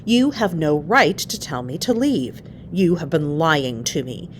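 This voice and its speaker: A woman's voice: sits low, animated, measured pace, slight background noise. A woman voicing a devoted young wife, anxious but resolute, speaking earnestly in a story read aloud. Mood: firm.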